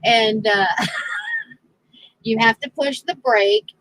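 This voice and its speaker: Slow-talking bright-voiced woman. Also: on the high side, sing-song, a little hiss or hum, poor audio. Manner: storytelling with frequent laughter. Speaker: crafting channel host. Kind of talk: casual chat.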